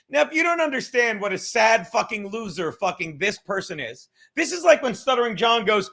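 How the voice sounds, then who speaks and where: A man's voice: sits high, sing-song, normal speed, gravelly, sharp tone. A man hosting a comedy podcast from his apartment, ranting in a profane, mocking, sarcastic way. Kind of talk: casual sarcastic rant. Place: home apartment.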